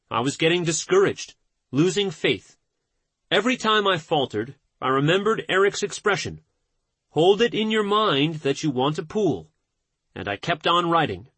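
A man reading a self-help book aloud in a measured, earnest manner. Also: fairly high pitch, fairly bright tone, breathy edge, no echo. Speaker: audiobook narrator. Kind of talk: scripted narration.

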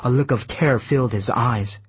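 Husky man narrating an audiobook. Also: mid-range voice, dry recording. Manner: steady, measured storytelling. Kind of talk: scripted first-person narration.

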